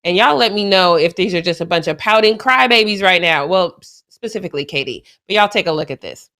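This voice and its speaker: Bright-voiced woman sports co-host. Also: lowish voice. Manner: animated, incredulous, quick to laugh. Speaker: show co-host. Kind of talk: sports commentary chat.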